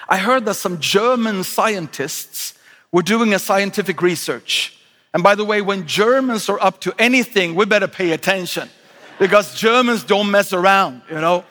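A middle-aged man from Sweden with a Swedish accent, preaching a lively sermon with joking asides and frequent restarts. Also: high-pitched. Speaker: guest pastor. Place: large church auditorium. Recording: live sermon with long hall reverb.

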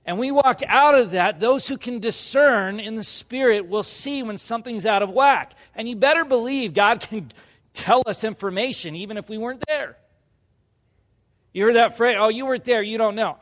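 Pastor guy telling a story from the pulpit, high voice, swings from hushed to loud, big church echo. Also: lively intonation, normal speed. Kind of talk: sermon with personal story.

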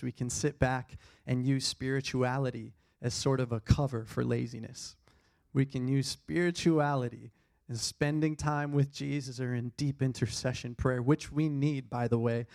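A man's voice: medium pitch, gravelly, a little mellow. A young man preaching a sermon in an earnest, conversational way, repeating his key points. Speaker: pastor.

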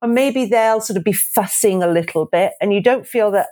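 40s woman chatting about her kids, animated, laughs a lot, does little voices. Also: normal speed, few pauses. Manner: animated, acts out voices with big pitch jumps; laughs often. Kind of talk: casual conversational explanation.

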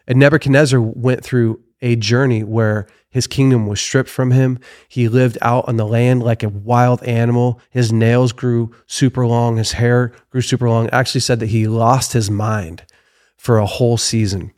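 A man's voice: medium pitch, steady tone, moderate pace, darkish tone, dry recording. Earnest man teaching, dry close sound. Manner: earnest, reads scripture aloud, frequent self-corrections. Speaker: podcast guest speaker. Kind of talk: conversational faith teaching.

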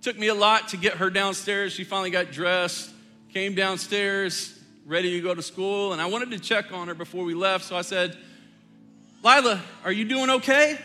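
A middle-aged man gives a sermon as pastor, spinning a family story with easy humor. His voice sits high and sharp, carried by a long hall echo with faint music underneath. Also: little pitch movement, moderate pace. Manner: conversational, joking storyteller.

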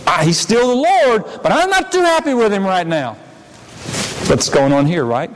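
A man preaching a sermon, his delivery impassioned, swinging between loud pleas and hushed, quiet passages. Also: high voice, very animated, normal speed, long reverb tail, a little hiss or hum, low-quality recording. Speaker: pastor.

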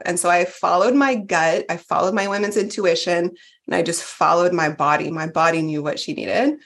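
A woman's voice: lowish voice, moderate pace, a bit bright. A woman in her forties, a podcast guest sharing her retreat experience in a candid, chatty way with lots of fillers and restarts. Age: 40s. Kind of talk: casual podcast chat.

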